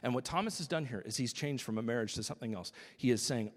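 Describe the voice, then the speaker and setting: Animated preacher in a big reverberant hall. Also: male voice, medium pitch, fast talker. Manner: animated preaching with voiced quotes, drops to a whisper for emphasis. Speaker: pastor. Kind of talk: sermon.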